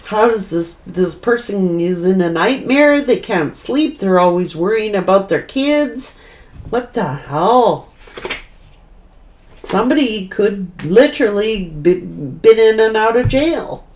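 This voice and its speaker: A woman's voice: medium pitch, animated, slow, a little mellow, recorded from a distance. A woman giving a tarot reading, rambling and repeating herself as she thinks aloud. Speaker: tarot reader.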